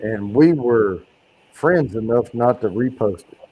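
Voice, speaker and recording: A man's voice: mid-range voice, lively intonation, unhurried, highs cut off, a crowd in the background. A man hosting a casual livestream chat, joking and teasing his guests. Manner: teasing, joking, loose and crude. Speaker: host.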